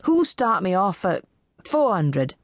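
A woman's voice: mid-range voice, sing-song, slow, vocal fry, no echo, studio quality, heavily acted. A woman voicing a young male auctioneer, eager and pleading, in an audiobook.

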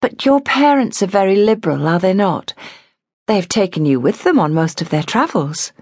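A woman voicing an anxious, gentle young woman who speaks in a fretful, pleading way. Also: medium pitch, very animated, moderate pace, no echo, clean studio sound, pitched above the performer's own voice.

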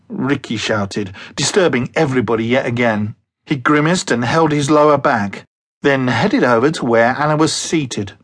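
A man narrating a comic audiobook in a lively, measured storytelling manner. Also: medium pitch, breathy edge.

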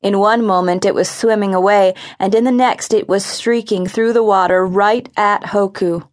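A woman narrating a young-adult adventure audiobook, vivid and expressive in her reading. Her voice sits at an ordinary middle pitch. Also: moderate pace. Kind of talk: scripted narration.

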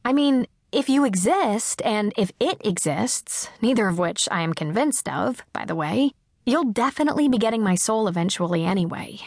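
A woman voicing a sardonic, self-mocking teenage girl who talks quickly and chattily. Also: mid-range voice, lively intonation, darkish tone, no echo, clean studio sound. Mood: chatty.

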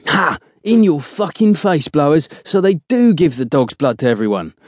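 A man's voice: fairly high pitch, big pitch swings, normal speed, no echo, voice pushed up. A man voicing a chatty, teasing young male soldier who keeps pressing with questions. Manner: persistent, playfully mocking.

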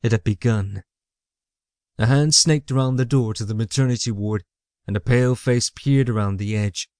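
Male audiobook narrator, measured delivery, mid-range voice, dry studio sound. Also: medium pitch, a little mellow, dry recording. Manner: measured storytelling. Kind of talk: scripted narration. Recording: dry close mic.

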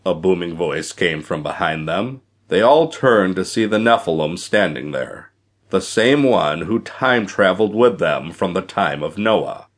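A man narrating an audiobook adventure in scripted, expressive storytelling. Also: deep voice, unhurried.

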